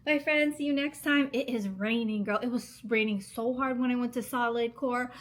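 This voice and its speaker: A woman's voice: a little high, steady tone, normal speed. A woman in her thirties chatting casually to camera as a vlogger, gushing and emotional, with lots of filler words and frequent laughs. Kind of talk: casual chatty vlog talk.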